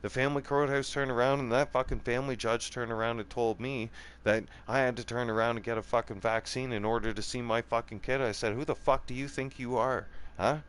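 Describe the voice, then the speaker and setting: A man's voice: medium pitch, level tone, quick pace, a bit bright, clear, resonant tone. A man hosting a gaming channel, delivering a heated, profane monologue, angry and defiant, checking in with "right?" and "okay?" over and over. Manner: profane, repetitive, keeps asking "right?" and "okay?"; angry and defiant, voice rising and falling.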